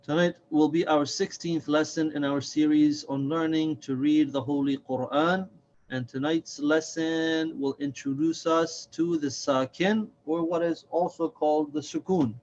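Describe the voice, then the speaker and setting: A man with a slightly high voice gives a patient reading lesson, walking step by step through each example. He slows down and draws sounds out so students can hear them clearly. The audio is muffled, with a faint hiss underneath. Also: fairly even intonation, a little mellow. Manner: slow and deliberate, repeats and stretches sounds to demonstrate. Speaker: Quran reading teacher. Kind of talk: slow, patient recorded lesson.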